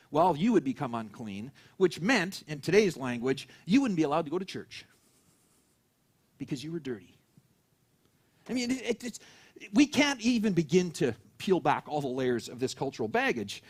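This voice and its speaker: A man's voice: high-pitched, slightly rough. A man preaching a sermon in a church, telling a story and acting out the voices of the people in it. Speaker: pastor.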